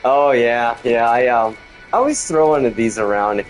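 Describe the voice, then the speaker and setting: A man's voice: medium pitch, moderate pace, faint music behind, rough recording. A man chatting casually as he streams gameplay, rambling and grumbling about the game's quirks while he talks to viewers. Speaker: gaming streamer.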